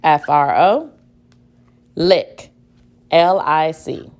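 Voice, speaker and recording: With a fairly low, expressive voice, a woman teacher works through a spelling dictation. She's deliberate, repeating every word and spelling each one out letter by letter.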